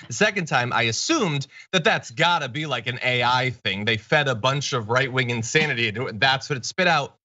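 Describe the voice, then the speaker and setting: Male commentary host, sarcastic deadpan delivery, sharp tone, muffled stream sound. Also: medium pitch. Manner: deadpan, mocking asides.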